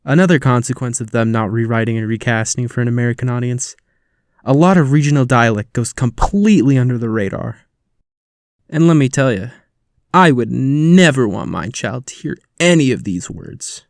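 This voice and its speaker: A man's voice: medium pitch, animated, moderate pace, no echo. A man hosting a comedy video, delivering a profane, over-the-top rant of mock outrage. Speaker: comedy YouTuber host.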